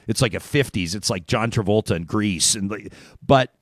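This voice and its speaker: A man hosting a talk show, telling stories in a lively, rambling way with many restarts. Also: on the low side, normal speed, no room sound, studio quality. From Canada. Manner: animated storyteller, chatty with many restarts. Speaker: radio talk show host. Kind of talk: casual talk show chat.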